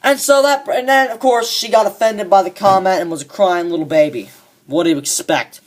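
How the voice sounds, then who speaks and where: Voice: mid-range voice, fairly quick, close to an everyday voice. A fan performer voicing a cocky young man who rants smugly and swears a lot about a coworker, in a comedic monologue. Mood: ranting. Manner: ranting, profane and smug.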